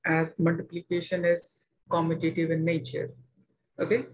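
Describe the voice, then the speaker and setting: A man teaching a maths class, explaining each step slowly and checking that students follow. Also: on the high side, monotone, slightly rough, poor audio. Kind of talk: online maths lecture.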